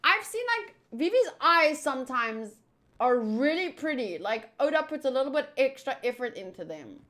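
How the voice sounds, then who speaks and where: A woman's voice: high voice, sing-song, moderate pace, fairly bright tone. A woman host doing a casual, chatty manga readthrough, commenting bubbly as she goes.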